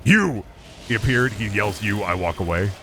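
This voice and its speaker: A man's voice: on the low side, a little fast, fairly bright tone, a little hiss or hum. A man streaming a video game, chatting and swearing casually, often with an upward inflection. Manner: chatty, rambling, swears freely. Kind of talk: casual gameplay commentary.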